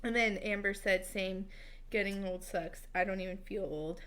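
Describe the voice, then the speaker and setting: A woman's voice: mid-range voice, fairly even intonation, moderate pace, a bit bright. A middle-aged woman co-hosting a casual live stream, telling stories, laughing often and swearing casually, a little tipsy. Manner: chatty storyteller, laughs a lot, swears casually. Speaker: co-host.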